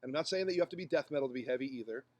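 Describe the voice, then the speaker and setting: A man's voice: medium pitch, lively intonation, rapid-fire, darkish tone. A man co-hosting a casual podcast, blunt, crude and opinionated. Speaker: podcast co-host. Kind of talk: casual chat.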